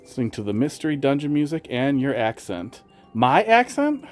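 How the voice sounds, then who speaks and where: A man's mid-range voice swings hugely in pitch as he talks at a moderate pace on his stream. He carries a slight Wisconsin accent, chats casually with viewers, and addresses his cats in a sing-song voice over faint background music.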